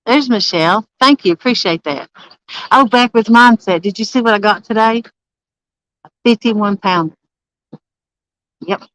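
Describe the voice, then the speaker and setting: Chatty woman with a smooth voice. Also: on the high side, measured pace, long pauses, a bit bright, low-quality recording. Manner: chatty, laughs often, greets viewers by name. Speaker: livestreaming angler. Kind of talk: casual live-stream chat. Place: campsite outdoors.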